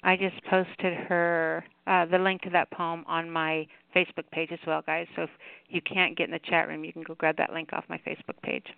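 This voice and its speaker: Gravelly woman hosting a call-in show. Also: fairly low pitch, flat delivery, fairly quick, dry recording. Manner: affectionate, laughs often. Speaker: radio show host. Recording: tinny phone line.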